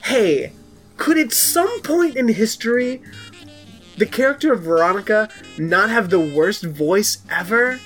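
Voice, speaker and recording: A woman co-hosts a comedy podcast in loose, rambling chat. Her pitch leaps and dips and she laughs often. Faint music sits under her voice. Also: lively intonation, unhurried. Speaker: podcast co-host.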